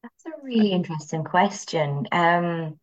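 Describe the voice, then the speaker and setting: A woman with an Irish accent, a teacher speaking as an interview guest and telling animated stories from her classes. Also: fairly low pitch, unhurried, muffled recording. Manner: animated storyteller, acts out voices. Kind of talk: conversational interview.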